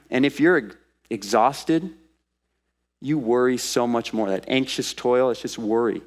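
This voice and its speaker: A man preaching a sermon as pastor to a congregation in church, lively and acting out the voices he quotes. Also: mid-range voice. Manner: animated, acts out quoted voices.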